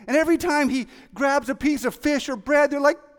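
An excitable preacher with a very high, light voice delivers his sermon, acting out the people in the story as he goes. The sound rings with the long reverb of a large hall. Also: moderate pace, few pauses. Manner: excitable, animated, acts out quoted voices. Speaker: pastor.

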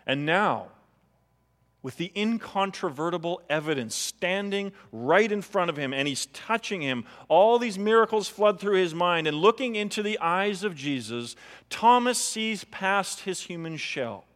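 A high-voiced man preaching a sermon, animated, slipping into the voices of the people he quotes. His words ring out in a church sanctuary with a long reverb trailing behind. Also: unhurried. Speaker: pastor.

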